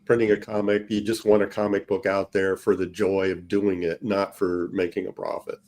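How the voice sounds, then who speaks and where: A man with a fairly low voice co-hosts a casual livestream chat. He explains things in an easygoing way, often agreeing with a quick yeah. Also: level tone, a little mellow. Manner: easygoing, explaining with many yeahs. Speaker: co-host.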